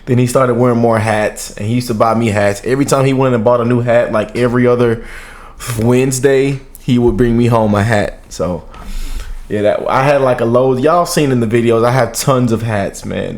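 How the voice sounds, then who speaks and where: A man in his thirties talks casually to his viewers while he reacts to a video. He rambles, restarts his thoughts and keeps tacking "man" onto the end of his lines. His pitch sits at an ordinary middle height, and the tone stays heartfelt and unpolished. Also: steady tone, normal speed, a little mellow.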